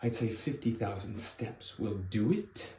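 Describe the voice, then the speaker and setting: A man's voice: on the low side, warm tone, pitched below the performer's own voice. A man acting a condescending mystical figure in a comedy sketch, scolding and drawn out. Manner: scolding, drawn-out and sing-song. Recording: roomy echo, faint music.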